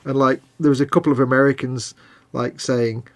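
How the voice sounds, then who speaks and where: A man's voice: mid-range voice, little pitch movement, fairly quick. Middle-aged english guy chatting on a live stream, jokey, mid voice. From England. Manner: chatty, jokey, slips into mock accents. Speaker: co-host. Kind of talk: casual live-stream chat.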